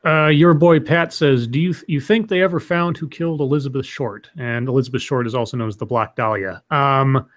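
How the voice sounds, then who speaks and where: Man reading questions, halting and chatty. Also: medium pitch, a bit bright. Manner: hesitant, many fillers and restarts. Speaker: co-host reading viewer questions. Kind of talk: casual livestream chat.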